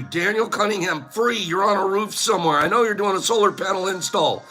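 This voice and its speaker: A man's voice: sits high, fairly quick, few pauses, faint music behind. A man hosting a casual live stream, playfully teasing the viewers in the chat and laughing often. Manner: breaks into loud bird calls. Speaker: livestream host.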